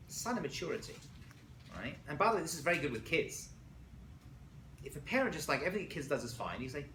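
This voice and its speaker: Animated man lecturing in an echoey room. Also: a little high, brisk. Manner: animated storytelling with acted quotes, many "right?" asides. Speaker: rabbi teaching a class. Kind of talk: lively classroom lecture. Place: college classroom. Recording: echoey room, faint noise.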